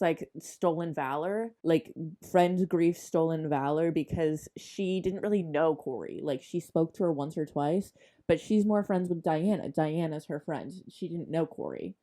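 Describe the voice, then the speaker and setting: A woman's voice: lowish voice, warm tone. A young woman recapping a TV show in a chatty, sarcastic way, full of slang and asides. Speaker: recap commentator. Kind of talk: comedic TV recap narration.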